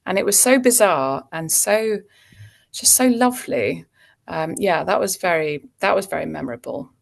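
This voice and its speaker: A woman's voice: lowish voice, lively intonation, normal speed, creaky. A woman, an actor chatting as a guest and telling anecdotes with frequent ums and laughs. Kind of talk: casual interview chat.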